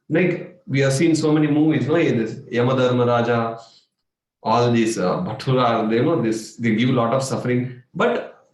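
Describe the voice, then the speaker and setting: Animated Indian man in an echoey room. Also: medium pitch. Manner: animated, playful, with sudden exclamations and mimicry. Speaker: meditation coach. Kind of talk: spiritual workshop talk.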